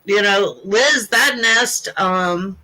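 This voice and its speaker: Bright-voiced chatty woman host. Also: medium pitch, extremely slow, low-quality recording. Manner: emotional, rambling, many fillers. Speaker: show host. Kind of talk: casual chat on a live show.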